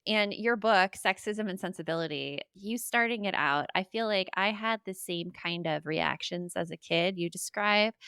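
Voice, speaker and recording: A woman hosting a parenting podcast, chatting casually with animated asides and frequent laughter. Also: fairly low pitch, smooth, no echo, studio quality. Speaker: podcast host.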